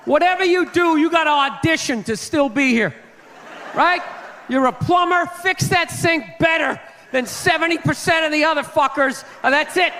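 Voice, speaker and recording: A brash male comedian with a very high, sharp voice riffs profanely at the audience. His voice rings through a reverberant hall over faint crowd murmur and hiss. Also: normal speed. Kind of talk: stand-up routine.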